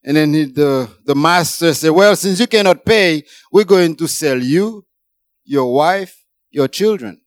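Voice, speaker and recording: A man preaching a sermon, emphatic, rising high for emphasis and then dropping low. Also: lively intonation, a little slow, no echo.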